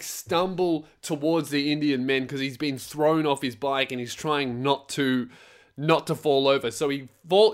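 A young man hosting a podcast, telling stories in a profane, animated comic rant. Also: fairly high pitch. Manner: profane, animated storytelling with laughs. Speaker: podcast host. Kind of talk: casual comedic rant.

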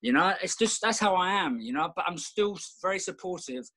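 A man's voice: high-pitched, expressive, a little fast, sharp tone, low-quality recording. A middle-aged man talking as a podcast guest in a rambling, reflective way, with many restarts. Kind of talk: casual conversation.

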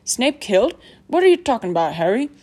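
A woman voicing a big, gruff, half-giant groundskeeper who talks loudly in a rough rustic dialect. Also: mid-range voice, animated, normal speed, natural voice. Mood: alarmed.

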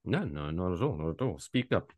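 A man's voice: deep voice, big pitch swings, a little fast, a little mellow. A man co-hosting a casual comedy podcast, swearing freely and ranting in mock outrage. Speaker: podcast co-host.

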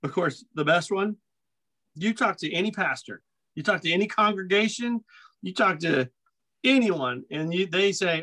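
A man co-hosting a podcast, walking through Bible passages in a relaxed teaching tone. His voice is bright, forceful and fairly high for a man. He hammers key phrases by repeating them. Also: normal speed, low-quality recording. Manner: emphatic, repetitive, reads scripture aloud. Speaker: podcast co-host.

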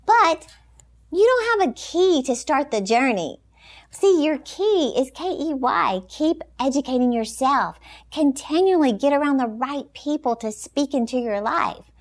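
Speaking as a Christian motivational speaker, a woman with a voice that sits high delivers an inspirational talk at a measured pace, emphatic and animated, and laughing often.

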